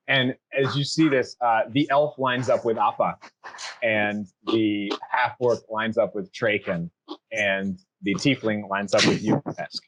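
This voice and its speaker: Slow, laid-back male dungeon master. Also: lowish voice, slight background noise, poor audio. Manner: relaxed, rambling scene-setting with fillers. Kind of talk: narrating a tabletop game.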